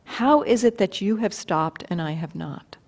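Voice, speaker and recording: A woman voicing a violent male bandit who taunts loudly and then asks puzzled questions, in a retold teaching story. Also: mid-range voice, lively intonation, measured pace.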